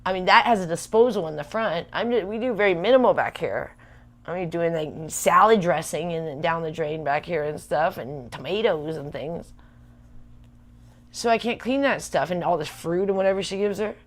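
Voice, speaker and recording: A woman venting fast and emphatically in a casual livestream chat. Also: on the low side. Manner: ranting, worked up, fast and emphatic. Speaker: livestream vlogger.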